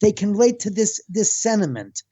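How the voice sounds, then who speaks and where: A man telling a long, rambling story in casual chat, animated and swearing freely. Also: sits high, brisk, husky, no echo, muffled recording. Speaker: guest, house owner.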